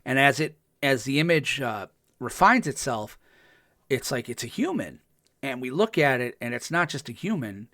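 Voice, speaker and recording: A man's voice: mid-range voice, sing-song, normal speed, bright, forceful tone, no echo, studio quality. A man co-hosting a podcast, casually recapping a TV episode with lots of fillers and enthusiasm. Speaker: podcast co-host.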